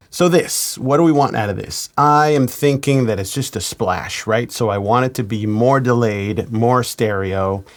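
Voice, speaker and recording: Low-voiced male mix engineer explaining. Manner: relaxed, explanatory, chuckles now and then. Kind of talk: studio mixing tutorial.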